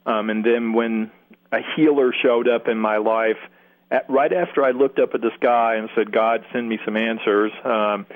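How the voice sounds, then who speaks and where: A man's voice: mid-range voice, fairly even intonation, normal speed. A man from Kentucky with a Southern accent, talking reflectively in an interview, with many restarts. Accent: Southern American. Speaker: guest healer. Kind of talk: interview answers. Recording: phone-line radio sound.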